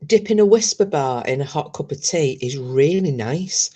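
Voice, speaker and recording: Hosting a casual live stream, a woman speaks to her viewers in a low, warm, husky voice, animated and at normal speed. She's blunt and talkative and swears freely.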